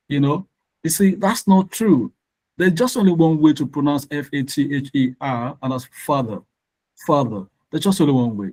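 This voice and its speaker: A man, tutoring English in a live online lesson, explaining slowly and repeating words for emphasis. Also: mid-range voice, darkish tone, rough recording.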